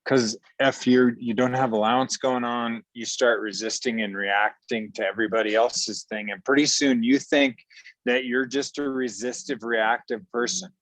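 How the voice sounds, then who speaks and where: A man's voice: mid-range voice, fairly even intonation, normal speed, a bit bright, no echo, low-quality recording. Blunt man coaching on a call, dry sound. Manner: blunt and irreverent, with sudden jokes. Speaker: facilitator speaking through an interpreter. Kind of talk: casual spoken coaching on a call.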